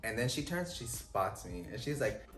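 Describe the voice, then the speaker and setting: A young man, a guest, telling a story in casual chat, animated and expressive with lots of fillers. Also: medium pitch, normal speed, over music. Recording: echoey room.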